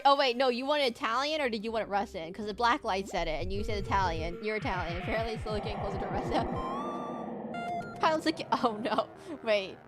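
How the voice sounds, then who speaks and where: Woman streamer, high voice, giggly rambling chat, faint game music behind. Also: sing-song, brisk. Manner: giggly and rambling, chatting with viewers. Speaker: VTuber streamer. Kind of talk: casual livestream chat while gaming.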